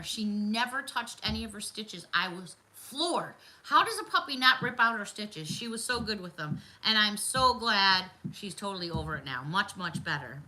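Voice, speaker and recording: A woman's voice: fairly high pitch, lively intonation, moderate pace, rough recording. A middle-aged woman hosting a casual livestream chat, talking to viewers by name and laughing often. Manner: chatty, warm-hearted, laughs often, talks to viewers by name. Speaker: livestream host.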